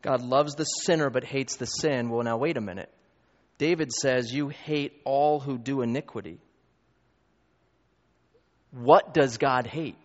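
Male pastor, emphatic sermon, long hall reverb, dull lo-fi sound. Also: mid-range voice. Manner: emphatic, rising to loud peaks, quick asides. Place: church hall.

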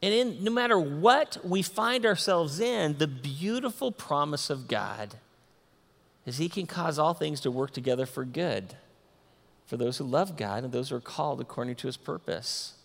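A man preaching a sermon, reading scripture aloud and swinging between excited outbursts and soft, hushed asides. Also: on the high side, normal speed, creaky. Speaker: pastor. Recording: long hall reverb.

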